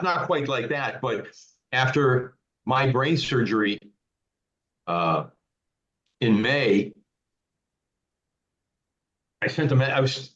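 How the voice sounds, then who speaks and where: A man's voice: mid-range voice, fairly bright tone, roomy sound. A man telling a story as a podcast guest, stammering and repeating words. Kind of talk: casual storytelling. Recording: dull lo-fi recording.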